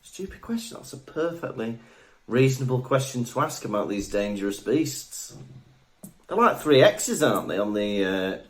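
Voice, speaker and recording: A man's voice: mid-range voice, normal speed. A man co-hosting a podcast in casual, joking chat. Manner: joking, lively, often laughing. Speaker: podcast co-host.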